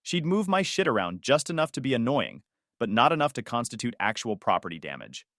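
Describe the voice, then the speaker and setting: A man's voice: medium pitch, sing-song, fairly quick, fairly bright tone, no echo. Sardonic young man narrating a story. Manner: dry, sardonic. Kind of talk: scripted first-person story narration.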